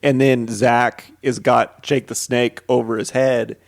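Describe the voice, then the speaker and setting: A man's voice: medium pitch, little pitch movement, measured pace, creaky. A man co-hosting a podcast, adding details to a casual film recap. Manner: chiming in with details and laughs. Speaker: podcast co-host. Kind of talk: casual movie recap chat.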